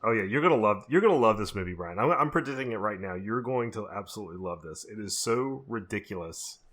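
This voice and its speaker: A man's voice: fairly low pitch, lively intonation, fast, fairly bright tone. Enthusiastic rambling male podcast host. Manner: enthusiastic, rambling, lots of fillers. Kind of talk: casual chat.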